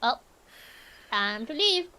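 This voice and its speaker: A woman's voice: a little high, very animated, slow pace, bright, forceful tone. A woman streamer giving casual let's-play commentary, chatty and thinking aloud.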